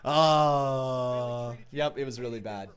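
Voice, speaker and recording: A man hosting a live reaction stream, laughing often and shouting play-by-play when excited. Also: mid-range voice, slow pace, clean tone.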